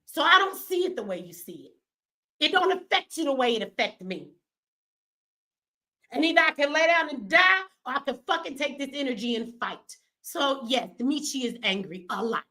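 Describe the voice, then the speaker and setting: A woman's voice: sits high, lively intonation, moderate pace, bright, forceful tone. A middle-aged woman, an activist host delivering an angry, profane livestream rant, tearful at times. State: crying.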